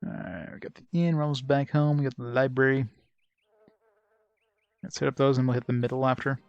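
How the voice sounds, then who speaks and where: A man's voice: medium pitch, little pitch movement, fairly quick, vocal fry, clean tone, no echo, lo-fi sound. A man hosting a let's play, giving casual, rambling and wry gameplay commentary. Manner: rambling, wry, filler-heavy.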